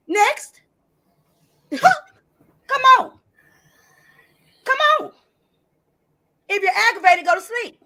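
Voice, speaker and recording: A woman's voice: high-pitched, sharp tone. A woman hosting a live stream, brashly and profanely calling out a viewer while reading the chat. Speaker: livestream host.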